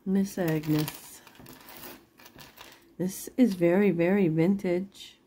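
Slow, low-toned woman chatting while selling jewelry. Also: steady tone, dark tone, breathy edge. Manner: chatty and rambling, laughs often, swears then apologizes. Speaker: online jewelry seller. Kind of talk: casual live-sale chat.

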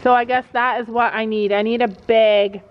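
Brief: rambling mom vlogger at the barn, slightly high voice, muffled lo-fi sound. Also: female voice, fairly even intonation, normal speed, a little hiss or hum. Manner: chatty, rambling, lots of fillers. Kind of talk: casual vlog chat. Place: horse barn. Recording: dull lo-fi camera audio.

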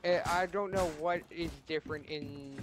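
A young man hosting a game stream, loud and joking, swearing freely into a headset mic. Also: a little high, fairly even intonation, normal speed, over music. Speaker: streamer host. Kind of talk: casual gaming chat. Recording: noisy with game sound effects. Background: game sounds and clicks.

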